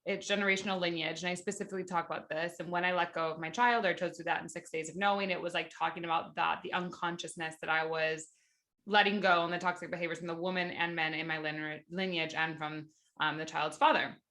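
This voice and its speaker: Quick bright-voiced woman host. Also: on the low side, steady tone. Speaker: podcast host. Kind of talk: interview chat.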